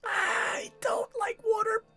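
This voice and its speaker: Man playing a jumpy scared kid for a tabletop game, pitched way up, terse and evasive. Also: wildly swooping pitch, unhurried, creaky, slightly rough, faint music behind, full character voice. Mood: panicked. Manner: short frightened replies, rising to panicked cries. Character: scared timid young boy, jumpy and evasive.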